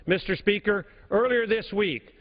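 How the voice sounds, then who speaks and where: A man's voice: high-pitched, unhurried. A man giving a formal, emphatic floor speech as a congressman in a large legislative chamber, repeating key points for stress at a podium microphone. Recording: reverberant chamber, dull broadcast audio.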